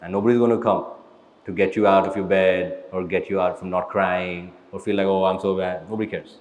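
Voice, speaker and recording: A man's voice: deep voice, fairly even intonation, brisk, darkish tone, reverberant, long reverb tail, low-quality recording. A man answering audience questions in a blunt, motivational way, tagging lines with "right?" and "man". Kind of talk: casual live Q&A talk. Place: event hall with live audience.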